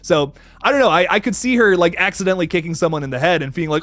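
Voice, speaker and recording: Racing along in a fairly high, fairly bright voice, a young man runs a casual livestream with no echo on the audio. He reads out messages from viewers, laughs often, stumbles verbally and curses casually.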